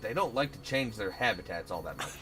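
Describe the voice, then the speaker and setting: Guy streaming a visual novel, talks quick and dry, game music behind. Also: on the low side, expressive, sharp tone. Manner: fast, sardonic asides.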